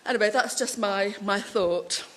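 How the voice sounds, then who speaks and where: A woman speaking at a conference, telling personal anecdotes in a chatty, animated way with many asides. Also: mid-range voice, unhurried.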